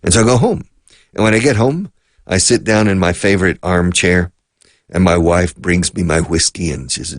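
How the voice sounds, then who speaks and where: A man's voice: deep voice, moderate pace, no room sound. A man hosting a radio English lesson, explaining phrases through rambling anecdotes at a close mic. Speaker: radio host and English teacher.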